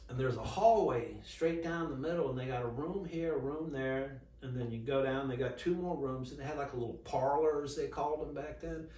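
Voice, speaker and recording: A man's voice: medium pitch, a little mellow. A middle-aged man, telling a long personal story in a casual, rambling way, quoting conversations and leaning on fillers. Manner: rambling retelling full of quoted dialogue and fillers. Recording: roomy and distant with faint ambience.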